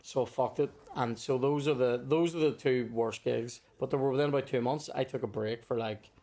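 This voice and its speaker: Sweary Northern Irish comedian telling stories. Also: male voice, medium pitch, fairly even intonation, brisk, warm tone. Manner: swears freely, acts out others in his stories. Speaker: comedian guest. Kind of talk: casual storytelling chat.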